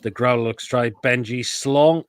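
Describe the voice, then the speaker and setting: A man's voice: mid-range voice, a little slow, clean tone, dry recording. A man hosting a casual live stream, reading out comments and crude jokes about food photos. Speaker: host.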